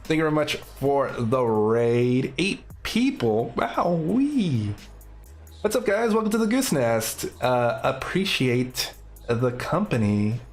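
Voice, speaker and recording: A man's voice: mid-range voice, very animated, slow pace, faint music behind. A man streaming live coding, thinking aloud in casual, upbeat commentary.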